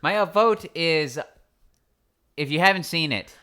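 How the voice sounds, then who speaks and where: A man's voice: on the high side, a little slow, sharp tone, clean tone. A man hosting a podcast in casual chat, playful and joking as he runs promos and talks with his co-host.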